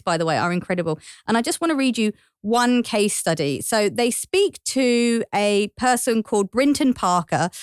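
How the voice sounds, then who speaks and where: A woman with an East London accent, a podcast guest telling stories in a casual, animated way and laughing often. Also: mid-range voice, clean tone, no room sound, studio quality. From England. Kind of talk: casual chat.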